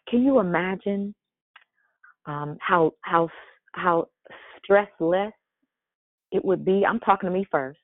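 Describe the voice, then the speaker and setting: Speaking in a lowish voice, unhurried and with long pauses, a woman preaches at a morning leadership devotional she hosts. Her sermon mixes fervent repeated exhortations with chatty self-correcting asides, heard over a dry, phone-like line without echo.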